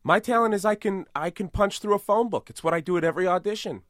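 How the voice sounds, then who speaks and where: Brief: man playing a boastful tough-guy celebrity, rambling and absurd, fairly high voice, dry close mic. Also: fast, no echo. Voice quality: rambling, self-aggrandizing, deadpan absurd. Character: boastful tough-guy movie star impression, male adult. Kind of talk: improvised comedy podcast.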